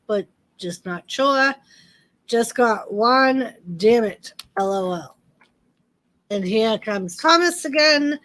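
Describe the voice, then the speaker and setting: Slow, chatty woman streamer. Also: fairly high pitch. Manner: chatty, greets viewers by name, talks to pets. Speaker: livestream host. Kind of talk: casual live wrestling commentary and chat.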